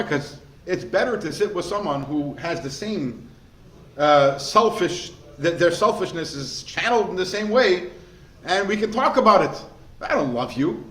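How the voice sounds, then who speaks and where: A man, a rabbi teaching a class, in a lively way, often asking the listeners questions. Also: high-pitched, normal speed. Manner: animated, asks the class rhetorical questions. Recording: echoey room with faint noise.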